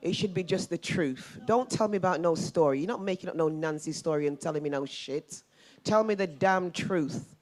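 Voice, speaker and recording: A woman's voice: lowish voice, normal speed. Impassioned middle-aged woman speaking out. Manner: forceful, emphatic, repeats her points. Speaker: audience member. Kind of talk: impassioned public comment.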